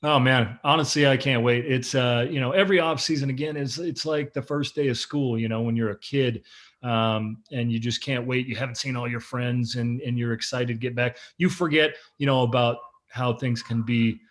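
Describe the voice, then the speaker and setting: A man in his thirties talks in an easygoing, conversational interview voice at a middle pitch. He jokes and teases as he tells his stories, relaxed and playful. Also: moderate pace. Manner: joking, teasing, playful storyteller. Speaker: professional football quarterback. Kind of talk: casual interview chat.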